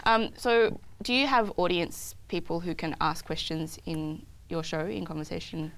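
A woman's voice: lowish voice, moderate pace, a bit bright, a little hiss or hum, poor audio. A woman hosting a late-night community TV talk show in a studio, chatting casually with guests and laughing often. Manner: friendly, laughs often, wraps up the segment.

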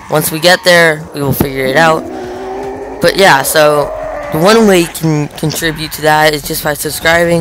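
A man's voice: a little high, background noise. A young man hosting a gaming channel, talking through a gameplay clip in a rambling, hesitant way with lots of fillers. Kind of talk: casual gameplay commentary.

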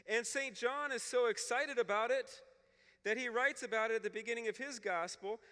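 A man teaching scripture to a room of clergy, his voice high and crisp with a bright edge. He explains step by step and often checks in with "okay?". A long reverb trails each phrase. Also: normal speed. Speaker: Bible scholar speaking at a clergy retreat.

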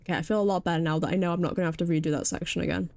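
A woman's voice: on the low side, fairly even intonation, racing, creaky, darkish tone, no echo. A British woman streaming a video game live, jumpy and swearing freely as she comments and talks to her chat.

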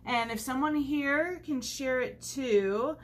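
A woman's voice: sits high, takes it slowly, a little hiss or hum. A woman chatting casually while demonstrating a craft on a livestream, rambling with many fillers, recorded at home on the camera mic.

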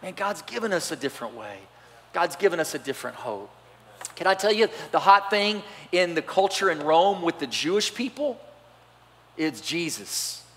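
A man preaching a sermon as pastor, animated and swinging between loud and soft delivery. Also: high-pitched, normal speed. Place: church sanctuary. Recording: church hall reverb.

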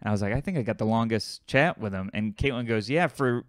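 Here the man's pitch is fairly low and his delivery expressive and quick. As a podcast co-host in casual conversation, he narrates a story, riffing and performing the voices of its characters. The audio is studio quality, without echo.

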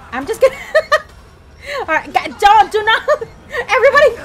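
A woman's voice: very high voice, a little hiss or hum. A woman streaming a horror game, chatting casually, panicky and jokey, bursting into shrieks and laughter. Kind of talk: casual gameplay commentary.

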